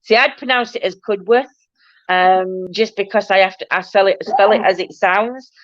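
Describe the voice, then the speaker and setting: A woman's voice: mid-range voice, normal speed, no room sound, highs cut off. A woman with a broad Barnsley Yorkshire accent, hosting a chatty livestream and laughing often as she reads viewer comments. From Yorkshire, England. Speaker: livestream host. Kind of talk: casual chat reading viewer comments.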